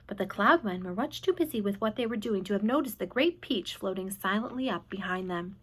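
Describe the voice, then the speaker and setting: A woman reading a children's book aloud in an expressive, animated way. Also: mid-range voice, fairly quick, few pauses, slightly rough. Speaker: storyteller.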